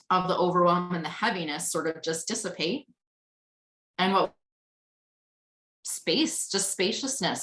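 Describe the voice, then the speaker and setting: A woman's voice: on the low side, fairly bright tone, poor audio. A woman guest on a video call, talking candidly and at length, with casual swearing. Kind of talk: candid conversational sharing.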